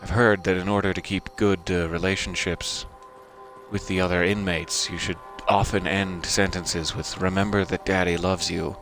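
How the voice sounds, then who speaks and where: A man's voice: deep voice, level tone, moderate pace, a bit bright, soft background music. A man streaming a video game live, commenting in a playful, mock-formal joking way.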